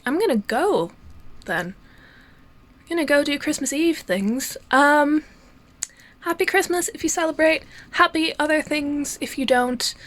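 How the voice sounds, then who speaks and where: A woman's voice: high voice, fairly bright tone, low-quality recording. A woman chatting casually in a get-ready-with-me vlog, rambling and self-deprecating. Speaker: vlogger.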